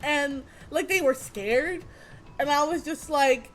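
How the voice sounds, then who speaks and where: A woman streamer casually telling a rambling story, animated and swearing freely. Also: sits high, slow, faint music behind.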